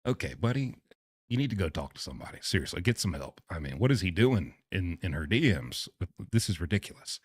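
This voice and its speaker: A man's voice: low voice, big pitch swings, fairly quick, slightly rough, no room sound. A man streaming, reading messages aloud and reacting with sarcastic disbelief. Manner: incredulous, sarcastic.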